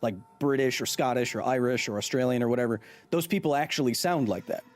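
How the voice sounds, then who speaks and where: A man's voice: medium pitch, fast talker. A man doing live gameplay commentary as a science streamer, reacting to the game and reading chat aloud.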